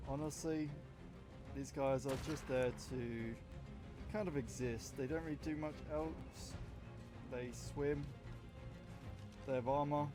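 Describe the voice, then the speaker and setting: A man giving casual, rambling gameplay commentary, offhand and often correcting himself, with the hiccups. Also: medium pitch. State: has the hiccups. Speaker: gaming YouTuber.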